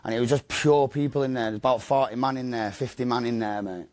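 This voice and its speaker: A man recounts his story in an interview, sitting at an ordinary middle pitch. He talks fast and loose, in slang and swearwords, with mate and bro scattered through every line. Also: steady tone, darkish tone.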